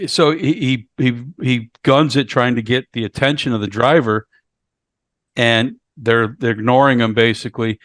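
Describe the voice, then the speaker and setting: Speaking at a medium pitch with a steady, slightly bright tone, a man co-hosts a podcast and loosely retells a horror movie. He pauses and repeats words as he goes through the plot. The studio sound is clean, with no room sound.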